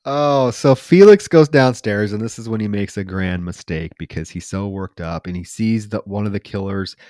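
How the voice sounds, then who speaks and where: A man's voice: on the low side, normal speed, dry recording. A man co-hosting a podcast, casually retelling a horror movie's plot with lots of swearing and quoted lines. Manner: profane, animated retelling with quoted voices. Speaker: podcast co-host.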